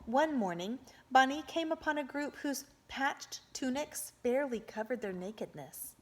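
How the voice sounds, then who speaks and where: A woman reading a novel aloud as an audiobook, with expressive narration. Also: high voice, normal speed. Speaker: audiobook reader for a homeschool group.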